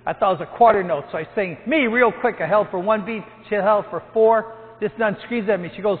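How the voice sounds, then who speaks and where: A man's voice: high-pitched, brisk. A priest in his seventies, a hospital chaplain, telling jokey stories to his parish and acting out the quotes. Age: 70s. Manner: storytelling, jokey, acts out quotes loudly. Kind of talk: humorous talk to a parish gathering. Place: church. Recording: tinny, with long hall echo.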